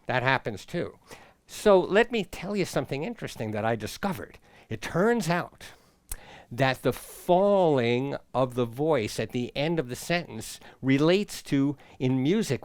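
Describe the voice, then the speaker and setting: A man's voice: mid-range voice, smooth, no room sound. A man teaching a playful children's music lesson at his keyboard at home, with exaggerated rising and falling inflection.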